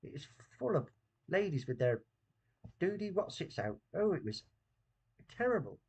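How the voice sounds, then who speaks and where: A man doing a grumbling old farmer with a put-on Bristol accent, his voice pitched high and fluttery as he rambles on in an indignant tone. The jump in pitch makes the old countryman sound shrill and put-upon. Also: big pitch swings, moderate pace, darkish tone, slightly rough, highs cut off, full character voice.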